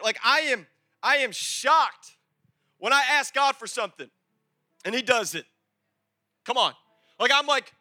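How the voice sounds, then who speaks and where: An energetic male pastor preaches in a very high, piercingly bright voice, punching his points with repeated phrases and acted-out exchanges. The sound is dry and close, with faint music underneath. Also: no room sound. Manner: energetic, emphatic, repeats phrases, acts out dialogue. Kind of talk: sermon. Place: church service.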